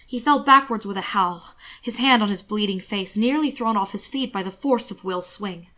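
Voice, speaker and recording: A woman's voice: mid-range voice, moderate pace, sharp tone. Woman reading fan fiction aloud. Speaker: narrator.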